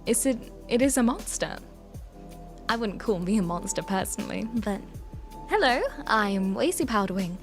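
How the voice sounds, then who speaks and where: A woman's voice: medium pitch, lively intonation, moderate pace, soft background music, natural voice. A young woman streaming live as a prim, self-important evil alter ego, with theatrical, old-fashioned phrasing. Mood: prim, chatty. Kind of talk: live stream character chat.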